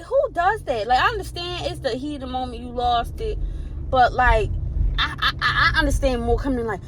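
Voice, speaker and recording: A young woman in her twenties from Baltimore, with a Baltimore accent, telling stories in an animated, slangy vlog chat from her car. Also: high voice, moderate pace. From Baltimore, Maryland. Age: 20s. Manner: animated storytelling, loud put-on shouting in retold quotes, swearing slang. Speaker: vlogger. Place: in a car and around town. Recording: noisy phone vlog with car and street noise.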